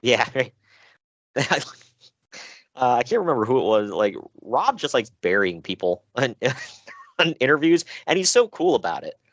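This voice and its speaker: A man co-hosting a podcast in casual chat, animated, laughing and sighing between points. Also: mid-range voice, normal speed, long pauses, dry recording, muffled recording. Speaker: podcast co-host.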